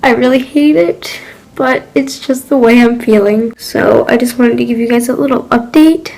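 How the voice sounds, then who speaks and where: A teenage girl talks to her vlog audience in a halting, apologetic way, her voice a little high. She sounds choked up after crying and keeps stopping to correct herself. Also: vocal fry, a little mellow, poor audio. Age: teens. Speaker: vlogger. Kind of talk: confessional vlog talk.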